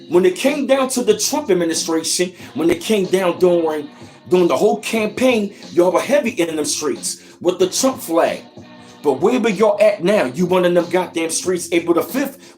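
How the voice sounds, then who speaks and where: Man, fired-up reaction rant, swearing, pitch swinging up and down, higher voice, faint music behind. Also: a little mellow. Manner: ranting, profane, repetitive rhetorical questions. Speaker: channel host. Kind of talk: heated reaction commentary.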